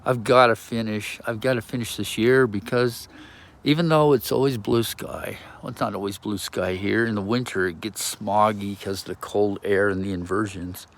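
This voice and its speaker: A man's voice: fairly low pitch, fairly even intonation, moderate pace. A man rambling in a casual video message recorded outdoors on a handheld phone, drifting between thoughts with many ums and restarts. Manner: meandering, self-interrupting, lots of ums and restarts. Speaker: vlogger. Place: outdoors in a yard.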